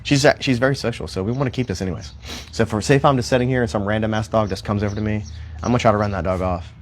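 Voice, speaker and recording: A man's voice: lowish voice, steady tone, rapid-fire, a little hiss or hum. A man working as a dog trainer, talking casually and rambling a little in a park, with mild cursing. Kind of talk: casual livestream explanation. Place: outdoor park.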